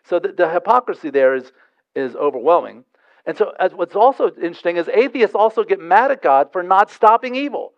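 A man's voice: high voice, very animated, brisk, dry recording, dull audio. A man preaching a sermon, asking rhetorical questions and telling stories in a conversational way. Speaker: pastor.

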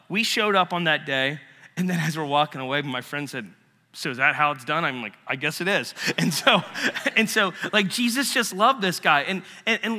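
Bright-voiced man preaching in a hall. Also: a little high. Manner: storytelling, acts out both sides of a dialogue. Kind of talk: sermon.

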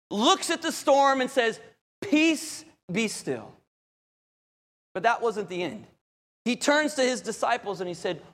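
A man preaching a sermon as pastor, dramatic, moving between loud urgency and hushed calm. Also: very high voice. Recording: long hall reverb.

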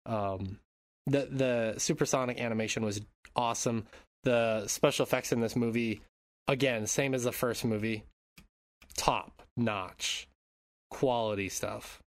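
A man's voice: mid-range voice, fairly even intonation, measured pace. A man co-hosting a podcast in laid-back casual chat who swears freely. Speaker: podcast co-host.

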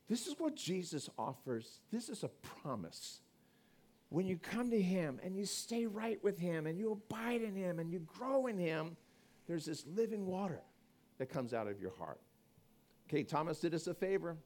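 Lively, animated male preacher. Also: high voice, moderate pace. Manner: conversational, swings between loud emphasis and quiet asides. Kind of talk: evangelistic sermon.

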